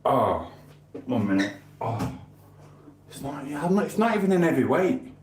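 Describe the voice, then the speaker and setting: A man's voice: medium pitch, sing-song, moderate pace, echoey room, a crowd in the background. A man hosting a stream, rambling in casual chat with swearing and asides to viewers. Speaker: livestream host.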